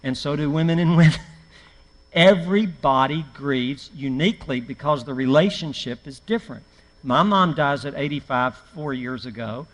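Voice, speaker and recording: A man's voice: a little high, normal speed. A middle-aged man, a preacher, teaching a church class in a folksy, anecdotal way with self-mocking humor. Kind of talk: conversational church class talk. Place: church hall. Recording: long hall reverb from a live church stream.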